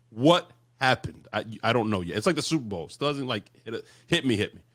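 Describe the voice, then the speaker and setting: A male podcast co-host in casual chat, excitable, cutting in often and swearing. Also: mid-range voice, brisk, no room sound, studio quality.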